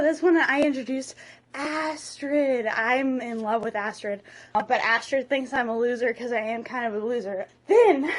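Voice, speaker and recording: A young woman with a slightly high voice hurries through a movie plot as a solo comedy bit. She is jokey and self-mocking, breaks off into asides, and ends up a bit breathless. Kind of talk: comic movie retelling, acting all the parts.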